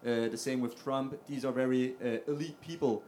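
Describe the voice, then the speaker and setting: A man's voice: medium pitch, fairly even intonation, normal speed, a little mellow. A man from Denmark stands in a lecture hall audience and asks his question into a handheld mic. He hesitates often, filling the gaps with "uh" and "um". Faint noise hangs in the room behind him. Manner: hesitant, many fillers. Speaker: audience member asking a question.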